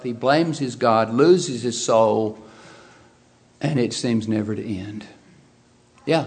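A man preaching a sermon, swinging from quiet asides to loud, emphatic exclamations. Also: medium pitch.

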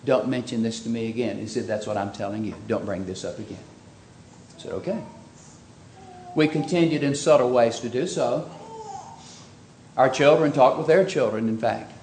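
A man preaching a sermon, earnest and rhetorical, swinging between loud and soft. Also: mid-range voice, normal speed, long pauses, slight background noise. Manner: earnest, rhetorical questions, varying loudness.

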